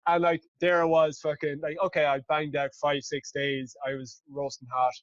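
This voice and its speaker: A man hosting a podcast, telling a story in an animated way and swearing freely. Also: on the high side, moderate pace, no room sound, highs cut off. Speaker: podcast host. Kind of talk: casual conversational storytelling.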